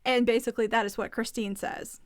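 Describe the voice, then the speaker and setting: A woman podcast host with a fairly high, steady voice briskly recaps a reality show in casual commentary. She's chatty, opinionated, and a bit amused, and the studio-quality recording has no room sound.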